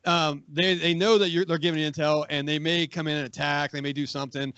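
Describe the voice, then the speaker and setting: A man in his forties, a magazine editor, telling a profane, animated war story on a podcast and acting out what others said. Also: fairly high pitch, brisk, clear, resonant tone, dry recording, muffled recording. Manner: profane, animated, acts out quoted voices. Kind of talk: casual storytelling, war anecdote.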